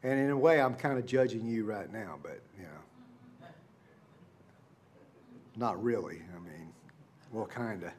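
A middle-aged male pastor tells his sermon like a conversational story, sinking into hushed asides and rising to emphatic peaks. His voice is on the low side and his pace measured, with long pauses and slight background noise.

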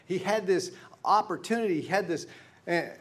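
A middle-aged male pastor preaching a sermon in a conversational storytelling way, dropping to hushed asides and climbing to emphatic peaks. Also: high voice, normal speed.

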